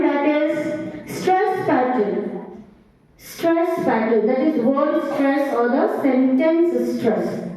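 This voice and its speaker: Slow high-voiced woman teacher, very echoey. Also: warm tone. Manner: explains slowly, adds frequent tag questions. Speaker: English teacher. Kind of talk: teacher training talk. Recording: very echoey, distant, dull sound.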